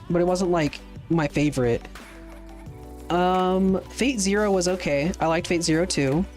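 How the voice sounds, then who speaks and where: A man's voice: on the high side, a little mellow. A man streaming a game, chatting loosely with viewers, rambling and swearing casually as he answers their questions. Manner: answers viewer chat questions as they come. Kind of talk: casual chat while playing a game.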